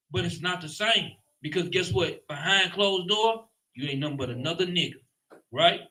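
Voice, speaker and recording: A man's voice: high voice, normal speed, pushed and bright, rough recording. A man leading a Bible class in an emphatic preaching style, often asking "guess what" and ending lines with "man". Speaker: lead teacher.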